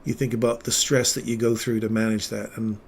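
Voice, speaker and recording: A man hosting a casual livestream, once a paramedic, talking with earnest feeling and sometimes dropping his voice very low. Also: level tone, a little fast, gravelly, slight background noise. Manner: earnest, emotional storytelling, drops to near-whisper at tender moments. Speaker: livestream trading host, former paramedic.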